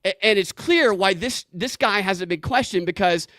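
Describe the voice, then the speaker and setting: A man hosting a casual podcast, talking excitedly with frequent profanity and stumbling restarts. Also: sits high, moderate pace, dry recording. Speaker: podcast host.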